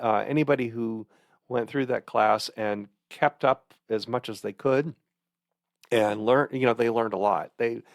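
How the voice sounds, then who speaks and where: Gravelly man in his sixties, rambling. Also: mid-range voice, no echo, studio quality. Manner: rambling, hesitant storyteller who chuckles. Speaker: podcast host. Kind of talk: casual monologue.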